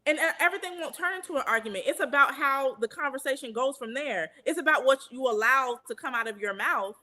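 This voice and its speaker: Bright, earnest woman co-hosting a podcast. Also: sits high, expressive, fast. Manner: earnest, emphatic, often asks "you understand what I'm saying?". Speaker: podcast co-host. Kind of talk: casual podcast chat.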